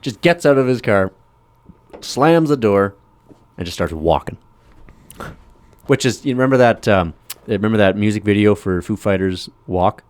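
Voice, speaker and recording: A man casually chatting on a podcast, telling a film's plot with lively acted-out lines. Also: lowish voice, moderate pace, pauses often, dry recording. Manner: animated storytelling, acting out film scenes in raised voices. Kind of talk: casual chat.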